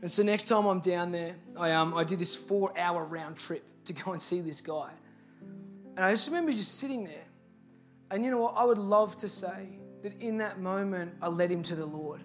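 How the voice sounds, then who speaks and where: A man's voice: high voice, normal speed, a bit bright, soft background music. A man with an Australian accent, a pastor telling a personal story in a sermon and building to earnest, emphatic appeals. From Victoria, Australia.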